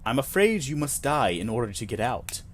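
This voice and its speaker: A man voicing a faceless, non-human administrator who speaks in a flat, neutral, synthetic-sounding way, politely and coldly. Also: mid-range voice, moderate pace, slight background noise, close to an everyday voice. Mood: cool, detached. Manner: polite, cold, matter-of-fact. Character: faceless, calm, bureaucratic administrator entity.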